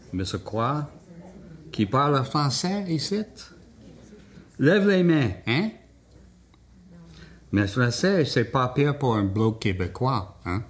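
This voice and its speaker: A man hosting a live stage show, joking and coaxing the audience along. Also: mid-range voice. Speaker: host. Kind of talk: comic stage patter.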